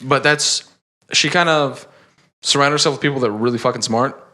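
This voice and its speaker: A man's voice: mid-range voice, fairly quick, bright, forceful tone. A man co-hosting a podcast in casual, rambling chat, swearing often and using many fillers. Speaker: podcast co-host.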